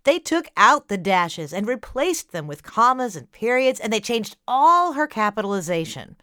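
A woman's voice: fairly high pitch, big pitch swings, moderate pace, sharp tone, clean tone, no room sound, studio quality. A woman hosting a children's classical music podcast, explaining things simply and cheerfully to young listeners. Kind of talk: scripted kids' podcast narration.

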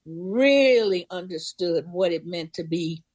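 A woman's voice: lowish voice, expressive, takes it slowly, darkish tone, slightly rough, no echo. An older woman from Memphis, a guest in an interview, telling her own memories and acting out the voices of people in them. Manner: vivid storyteller, acts out voices in quotes. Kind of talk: personal storytelling.

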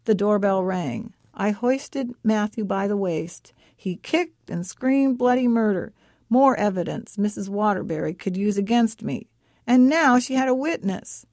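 Expressive woman reading her own story. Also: medium pitch, no echo, studio quality. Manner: expressive, voices the characters' lines with lively shifts. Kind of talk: first-person story reading.

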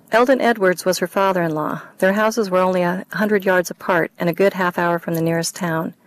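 A woman, the author, reading her first-person mystery novel aloud in a wry, expressive way. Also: lowish voice, brisk, hardly any pauses, low-quality recording.

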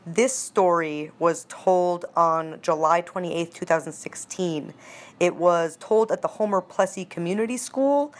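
A woman host giving a plain, measured scripted introduction for a radio storytelling show. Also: fairly low pitch.

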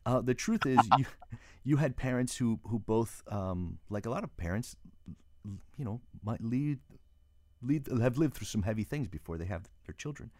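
A man's voice: medium pitch, lively intonation, moderate pace, darkish tone, no room sound. A man hosting an interview, asking curious follow-up questions and introducing his guest. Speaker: radio interview host.

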